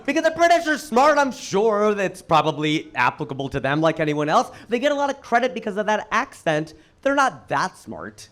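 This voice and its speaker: An American man doing a stand-up set, telling stories with animated, punchy delivery and big emphatic swings. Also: high voice, normal speed, few pauses, slight background noise. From United States. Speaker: stand-up comedian.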